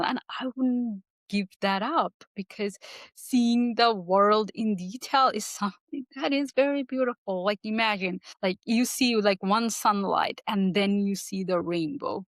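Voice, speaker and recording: A woman talking as a podcast guest, thoughtful and searching for her words, with small soft laughs. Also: medium pitch, unhurried, no echo. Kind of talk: reflective conversation.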